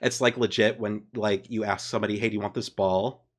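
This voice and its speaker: A man's voice: on the low side, steady tone, a little fast. A man co-hosting a comedy podcast, trading blunt, mock-insulting jabs and swearing in casual banter. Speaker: podcast co-host.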